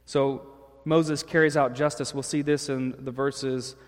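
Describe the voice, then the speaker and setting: A man's voice: medium pitch, little pitch movement, unhurried. A man preaching a sermon in a loose, conversational way, often restarting phrases as he works through the text. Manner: conversational preaching with frequent restarts and dramatized paraphrases. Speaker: pastor. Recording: long hall reverb.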